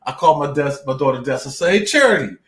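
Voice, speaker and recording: A man's voice: medium pitch, fairly even intonation, quick pace, reverberant, heavy background noise. A man co-hosting a casual live-stream chat, telling prank stories and laughing often. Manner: joking storyteller who laughs often. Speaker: co-host.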